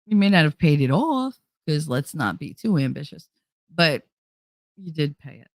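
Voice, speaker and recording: Very animated and at a moderate pace, a woman hosts a casual livestream, chatting with viewers, swearing freely, laughing a lot and swinging her pitch high and low. It's a dry, studio-quality recording on a desk microphone.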